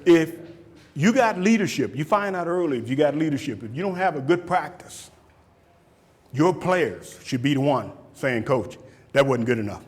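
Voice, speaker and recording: Lively, animated man coaching football players. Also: fairly high pitch, moderate pace. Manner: animated, acts out shouted quotes, laughs often; repeats and restarts words for emphasis. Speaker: football coach speaking at a camp. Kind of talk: motivational talk with Q&A.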